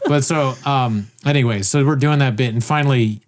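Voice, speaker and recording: A man's voice: medium pitch, normal speed. Rambling storyteller man, casual. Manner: rambling, animated, swears, acts out quotes.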